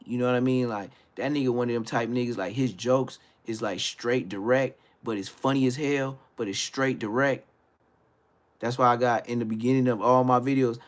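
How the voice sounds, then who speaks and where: A man hosting his own live stream, talking in a casual, blunt and profane rant that rambles, trails off and restarts, swinging between low mutters and loud outbursts. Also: fairly even intonation, brisk.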